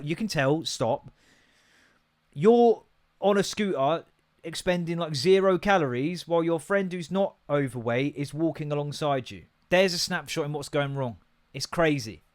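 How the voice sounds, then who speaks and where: A British man in his thirties hosting a solo podcast, ranting and rambling with heavy swearing. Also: a little high. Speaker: podcast host.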